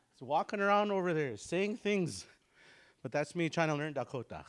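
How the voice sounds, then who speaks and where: A middle-aged man teaching a relaxed language class, joking and repeating words slowly for practice. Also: on the high side. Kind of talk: casual online language lesson.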